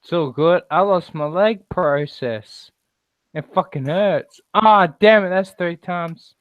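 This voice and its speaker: A man drawls slowly through casual call banter, brash and teasing, with plenty of swearing. The audio is dry and dull, like a cheap call mic. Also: sits high, dry recording. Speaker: hangout participant. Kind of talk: casual chat on an online call.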